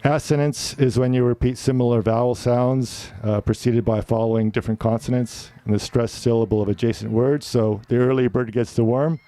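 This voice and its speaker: Smooth mellow man teaching a lesson. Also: mid-range voice, fairly even intonation, brisk, few pauses. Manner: instructive, defining terms and quoting examples. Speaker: public speaking teacher. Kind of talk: online lecture with quiz.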